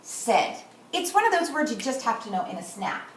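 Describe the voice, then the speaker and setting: A middle-aged woman teaches kindergarten in a patient, deliberate way, stretching out words for young learners. Her voice sits fairly high, and she sounds set back from the mic in a room with a lot of echo and a faint hiss behind her. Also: sing-song. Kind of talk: teaching a class. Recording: echoey room, far from the mic.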